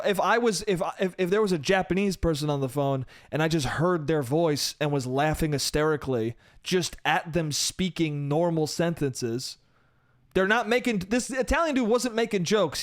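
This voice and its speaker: A man's voice: fairly high pitch, no echo, clean studio sound. A man hosting his own solo comedy podcast, telling stories in a loose, swearing way and laughing at his own jokes. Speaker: podcast host.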